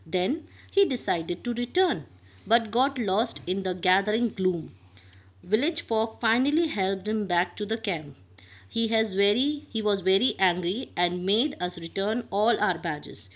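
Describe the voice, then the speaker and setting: A woman teacher, retelling a story line by line and stopping to define words, with halting restarts. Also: mid-range voice, lively intonation. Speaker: English teacher. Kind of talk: retelling and explaining a story lesson.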